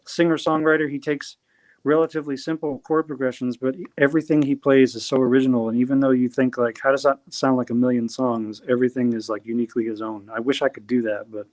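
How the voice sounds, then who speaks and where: A man's voice: mid-range voice, flat delivery, fast, a little mellow, dry recording. Rambling, hesitant male singer-songwriter. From New Jersey. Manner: rambling and hesitant, many fillers and restarts. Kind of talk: casual interview chat.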